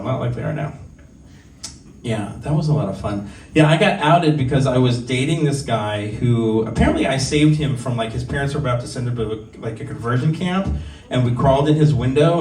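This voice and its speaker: With a medium-pitched, slightly mellow voice, a stand-up comedian in his forties from Southern California tells candid, self-deprecating stories at a bar open mic. His tone is conversational, and the recording picks up an echoey room, a distant mic, and faint ambience.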